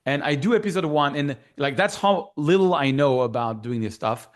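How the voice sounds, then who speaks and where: A man's voice: fairly high pitch, moderate pace. A man with a French accent, a guest in a casual interview, telling his story with animation and acting out remembered dialogue. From France.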